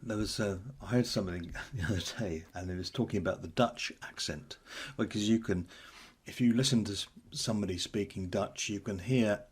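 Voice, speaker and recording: A man's voice: on the low side, brisk, few pauses, slight background noise. A man co-hosting a casual chat, telling stories with hesitant restarts. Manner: anecdotal, hesitant storytelling. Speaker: podcast co-host.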